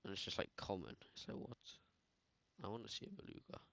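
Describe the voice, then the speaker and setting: A man's voice: on the low side, wildly swooping pitch, quick pace, creaky, a bit bright, no echo. Rambling British guy, slangy chat. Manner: rambling, slangy, full of "like" and "bro". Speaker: photo editing streamer. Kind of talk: casual chat while editing. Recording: dull, dry lo-fi sound.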